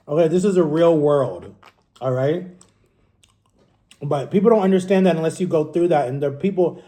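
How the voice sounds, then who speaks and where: A man in his thirties talks straight to camera, rambling and candid, often stopping to correct himself. His voice sits a little high for a man, with a warm, mellow tone. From Florida. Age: 30s. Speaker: vlogger. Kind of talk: casual storytelling to camera. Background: eating on camera.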